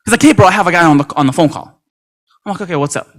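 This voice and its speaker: A man giving an energetic motivational talk at a convention, acting out quoted dialogue with lots of repetition. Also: sits high, racing. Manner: animated, acts out quoted dialogue, many repetitions. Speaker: motivational speaker. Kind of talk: energetic storytelling speech. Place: convention stage.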